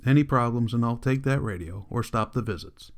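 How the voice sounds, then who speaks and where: A man voicing a gruff small-town sheriff who gives firm, clipped warnings in an audiobook reading. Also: mid-range voice, a little fast, natural voice. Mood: stern. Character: gruff white male small-town sheriff, blunt and commanding.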